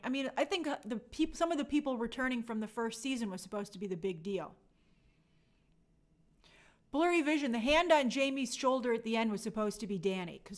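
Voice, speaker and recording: Young adult woman, casual host, animated, acts out quotes, fairly high voice. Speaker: show host reading viewer comments. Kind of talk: casual live chat review.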